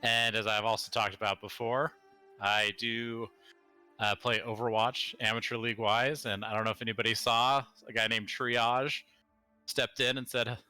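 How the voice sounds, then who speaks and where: A man's voice: medium pitch, little pitch movement, moderate pace, bright, forceful tone, clear, resonant tone, no room sound, faint music behind. A young man introducing himself as a tabletop player, chatty and hesitant with fillers.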